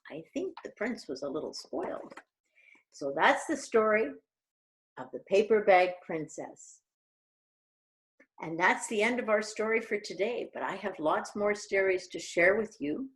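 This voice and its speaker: A middle-aged woman reading a picture book aloud to young children, animated and asking them questions. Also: on the low side. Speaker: children's storyteller.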